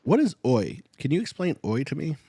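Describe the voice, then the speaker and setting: A man's voice: on the high side, big pitch swings, brisk, warm tone, slightly rough, no echo. A man hosting a reaction channel, chatting casually with plenty of fillers and restarts. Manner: rambling, filler-heavy talk. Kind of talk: casual chat.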